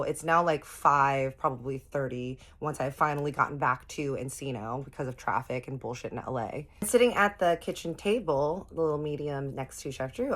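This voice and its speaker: A young woman vlogger telling a storytime tale in an animated, profane way, talking straight to her viewers. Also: low voice. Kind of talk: casual storytime.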